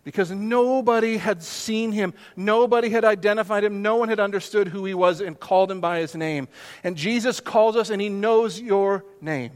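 Pastor, male, high-pitched, earnest preaching with quiet hushed moments; reverberant sanctuary. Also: moderate pace. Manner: earnest, with sudden soft hushed drops for emphasis. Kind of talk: sermon. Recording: long hall reverb.

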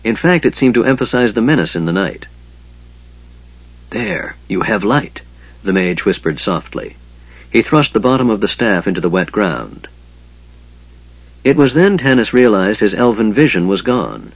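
A man reading a fantasy novel aloud in a measured storytelling manner. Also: on the low side, sing-song, no echo, muffled recording. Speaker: audiobook narrator. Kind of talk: scripted fantasy narration.

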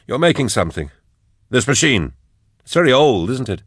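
A man's voice: mid-range voice, very animated, moderate pace, fairly bright tone, breathy edge, dry recording, voice pushed up. A man voicing a glib, curious scholar who keeps talking with wry humor, in a dry recording. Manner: wry, chatty, stalling.

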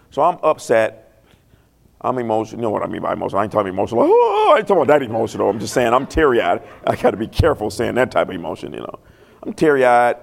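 A man's voice: fairly low pitch, creaky. A man preaching a sermon, telling a personal story in a conversational, emotional way and asking the congregation questions. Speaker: pastor.

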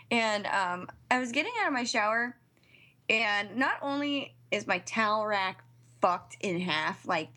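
A woman telling a crude story in casual podcast chat, swearing freely and laughing. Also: fairly high pitch. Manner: profane, animated storytelling with laughs. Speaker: podcast co-host.

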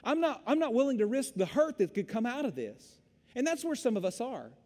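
Guy preaching, pretty high voice, mellow tone, lots of echo like a big church. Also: fairly quick. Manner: animated storytelling preacher, Southern "y'all". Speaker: pastor. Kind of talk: sermon. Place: church sanctuary. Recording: long hall reverb.

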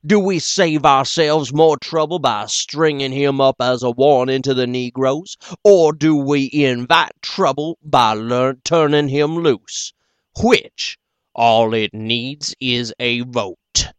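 A man voicing a hostile ringleader of a mob, loud, blunt and impatient in an audiobook. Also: medium pitch, normal speed, dry recording, voice pushed up, natural voice. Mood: angry. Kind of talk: audiobook character voice.

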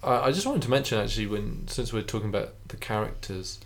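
A man's voice: lowish voice, animated. A man co-hosting a podcast, talking casually about a game with frequent restarts and fillers. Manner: halting, many restarts and fillers. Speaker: podcast co-host.

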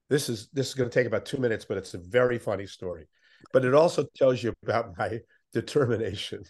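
Older man telling lively sports stories. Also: fairly low pitch. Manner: animated anecdotes, puts on voices of others. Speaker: interview guest, veteran sports interviewer. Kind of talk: conversational storytelling.

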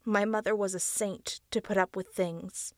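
A woman's voice: medium pitch, steady tone, normal speed, no room sound, studio quality, lightly acted. A woman voicing a tormented man, trapped and pleading in a strained voice. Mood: weary.

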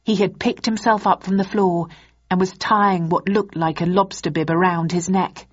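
A woman narrating an audiobook in the first person in a steady storytelling manner. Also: lowish voice, moderate pace. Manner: steady storytelling, voicing characters. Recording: dull lo-fi audiobook recording.

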